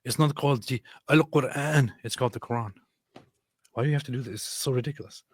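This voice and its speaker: A man's voice: mid-range voice, quick pace, slightly rough, no echo, studio quality. A man co-hosting a casual reaction stream, talking in exasperated, mocking complaints. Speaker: stream co-host.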